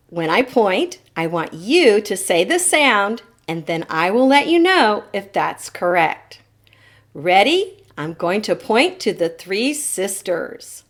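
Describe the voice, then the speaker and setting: A woman teacher giving a televised phonics lesson to children. She patiently models each sound and asks them to repeat it back. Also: medium pitch. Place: TV studio lesson set.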